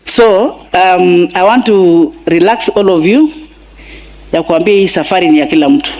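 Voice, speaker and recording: At a large funeral gathering, a middle-aged Kenyan woman with a Kenyan accent delivers an emotional eulogy for her husband, mixing in Swahili phrases. Her voice sits on the low side, slightly mellow, at a moderate pace.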